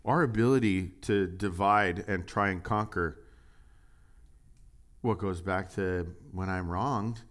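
A man's voice: low-pitched, slow pace, fairly bright tone. Chatty, jokey male preacher. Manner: chatty and jokey, asks the audience questions. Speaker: pastor. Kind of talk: casual sermon and Bible study.

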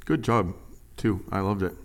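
A middle-aged man preaching as a pastor, conversational and joking with the congregation, acting out quoted lines in a higher, excited voice. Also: moderate pace. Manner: animated storytelling, acts out quotes in a higher voice. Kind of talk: sermon.

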